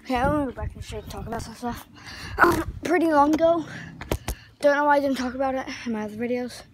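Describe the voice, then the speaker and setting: Woman vlogger, higher voice, rambling excited chatter, outdoors, noisy camera audio. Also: racing. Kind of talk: casual vlog chat. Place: outdoors on a backyard trampoline.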